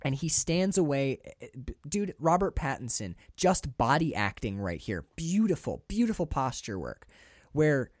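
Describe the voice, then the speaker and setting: A man co-hosting a podcast, talking through a film in a casual, animated, profane way. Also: mid-range voice, normal speed, dry recording, clean studio sound. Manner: animated, profane, restarts often. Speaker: podcast co-host.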